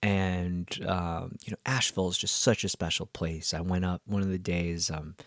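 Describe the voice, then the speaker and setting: A man with a lowish voice hosts his own podcast and chats casually about his week. He wanders from thought to thought with lots of ums and false starts. The sound is close and dry, with no room around it. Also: fairly even intonation, moderate pace, no echo. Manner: rambling, with many ums and restarts. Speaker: podcast host and musician. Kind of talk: casual storytelling monologue.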